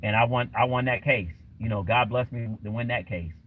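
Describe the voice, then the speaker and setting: A man's voice: mid-range voice, a little fast, fairly bright tone, a little hiss or hum, low-quality recording. A man hosting a casual livestream, talking in a rambling way with lots of fillers. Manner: rambling, many fillers and restarts. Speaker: livestream host.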